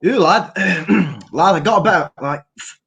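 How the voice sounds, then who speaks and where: A man's voice: high voice, lively intonation, takes it slowly, creaky, a bit bright, husky, pitched below the performer's own voice, heavily acted, poor audio. A man putting on a Scottish accent to voice a sweaty, grumbling school janitor who rambles through his complaints.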